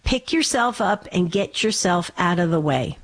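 A woman's voice: fairly low pitch, animated, moderate pace. A woman hosting a call-in radio show as a life coach, encouraging callers and often repeating her words.

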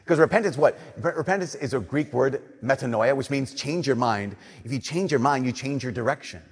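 A man preaching a conversational sermon, telling stories and slowing down softly on his key points. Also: medium pitch, animated, breathy edge, long reverb tail.

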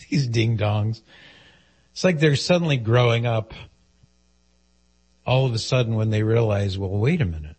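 A man's voice: medium pitch, measured pace, long pauses, darkish tone, husky. A man hosting a talk radio show, joking and teasing his co-host in casual banter.

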